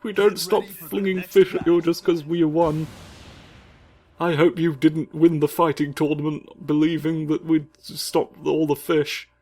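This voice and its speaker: A man's voice: fairly high pitch, level tone, unhurried, dark tone. A man giving rambling, playful comedic commentary over a fighting game, full of absurd asides.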